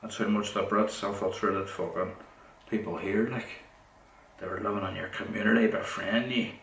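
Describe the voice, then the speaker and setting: A man's voice: fairly low pitch, steady tone, moderate pace, vocal fry, fairly bright tone, echoey room, recorded from a distance, a little hiss or hum, low-quality recording. A man telling a story in a casual, profane, rambling way, often restarting his sentences.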